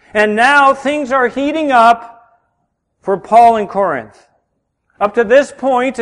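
A man preaching a sermon as pastor. He swings between loud, emphatic lines and hushed ones. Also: very high voice. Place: church sanctuary. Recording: reverberant hall.

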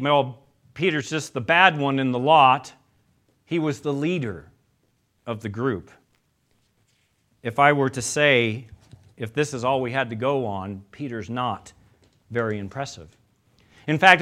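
A man with a high, bright voice delivers a sermon. He retells scripture as a story and drops his voice for quoted lines. The delivery is lively and expressive. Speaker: preacher.

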